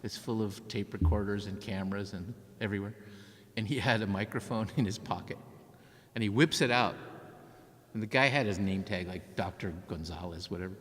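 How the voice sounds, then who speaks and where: A man's voice: lowish voice, a little fast. A man giving a keynote speech as an author, telling a story vividly and acting out what people said. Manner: vivid storyteller who acts out quotes. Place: large church hall. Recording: long church reverb.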